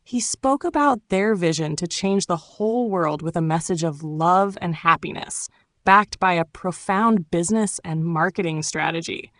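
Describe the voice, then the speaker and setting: A woman reads her own memoir aloud, unhurried and reflective. Her voice sits on the lower side, and the audiobook recording is close and dry, with no room sound. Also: dry recording. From Turkey. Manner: calm, reflective storytelling.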